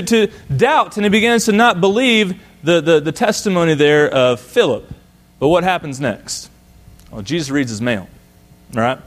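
A man preaching a sermon as pastor, lively and conversational, acting out the lines of Bible characters as he tells the story. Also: on the high side.

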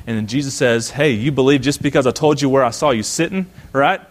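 A man preaching a sermon as pastor, lively and conversational, acting out the lines of Bible characters as he tells the story. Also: medium pitch, fairly quick, hardly any pauses.

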